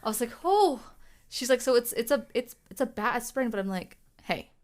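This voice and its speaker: A woman's voice: fairly high pitch, fast, heavy background noise. A woman co-hosting a podcast, telling a story in casual chat and acting out the voices of the people in it. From United States. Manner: animated storytelling, acts out quoted voices. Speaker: podcast co-host.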